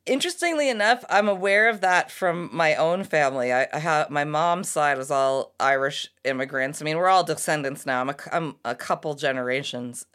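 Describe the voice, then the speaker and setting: A woman's voice: sits low, brisk, hardly any pauses, fairly bright tone. An American woman hosting an interview, chatty and enthusiastic, speaking as a voice teacher. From United States. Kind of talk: casual interview chat.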